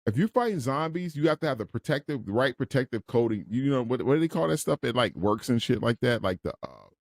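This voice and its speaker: A man riffing on a podcast, his pitch swinging up and down as he talks. He is loud and animated and swears without pause. The close mic sounds dry. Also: no room sound. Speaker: podcast co-host. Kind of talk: casual movie review chat.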